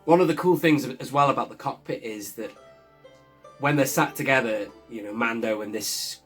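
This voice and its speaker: A man gives a loose, excited recap of a show episode, chuckling as he goes. His voice sits at an ordinary middle pitch. Soft guitar music plays faintly underneath. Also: normal speed. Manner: enthusiastic, chuckles often while recounting. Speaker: show reviewer.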